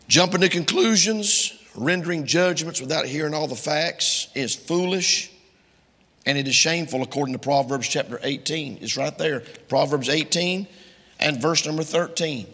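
A man's voice: fairly high pitch, moderate pace, sharp tone, husky, big-room sound. A man preaching a sermon to a congregation, quoting King James scripture emphatically and speaking to his listeners directly.

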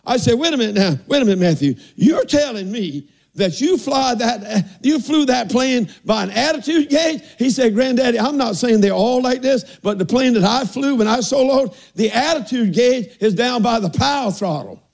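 A man's voice: extremely high pitch, expressive, normal speed, creaky, hardly any pauses. An older man preaching a folksy sermon, often asking "are y'all listening" and saying amen.

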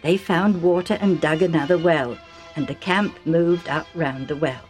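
A woman reads a storybook aloud for children in a low-pitched voice. She tells the story in a chatty, warm way and often turns to the listener with little asides, over faint background music. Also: normal speed.

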